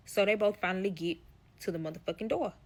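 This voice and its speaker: A woman's voice: medium pitch, fast. A woman telling a personal story in casual, profane fashion, talking straight to her audience. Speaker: storyteller guest.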